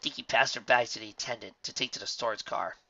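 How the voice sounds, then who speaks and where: Man narrator, expressive storybook reader, dry lo-fi sound. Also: medium pitch, fast talker, no echo. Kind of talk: fan fiction audiobook narration.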